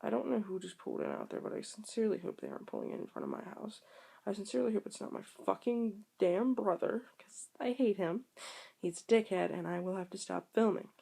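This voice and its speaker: A woman's voice: mid-range voice, vocal fry, warm tone. A young woman talking casually to the camera at home, rambling and candid with many ums and restarts. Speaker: vlogger.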